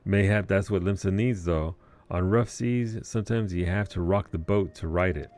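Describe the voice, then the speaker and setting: Baderon, a man doing a gruff sailor's brogue. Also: low-pitched, normal speed, a little mellow, natural voice. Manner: put-on rough sailor's dialect with dropped letters. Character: gruff male innkeeper, seafaring guild boss, rough-humored. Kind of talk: reading game dialogue aloud on stream.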